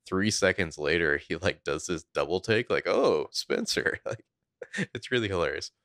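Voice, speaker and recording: A man's voice: low voice, pushed and bright, no room sound, clean studio sound. A man co-hosting a podcast, casually recapping a TV episode scene by scene and swearing now and then. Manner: laid-back, recounting scenes with quick quoted lines and swearing. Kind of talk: casual chat.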